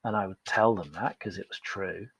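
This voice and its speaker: A man's voice: sits low, moderate pace, creaky, husky, no echo. A man, a podcast guest speaking frankly and with self-deprecating humour about his past work. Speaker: podcast guest, performance coach. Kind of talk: candid storytelling in conversation.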